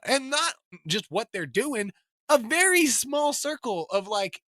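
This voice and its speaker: A man co-hosting a podcast in casual chat, animated and jokey, often laughing. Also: sits high, no room sound, studio quality. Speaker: podcast co-host.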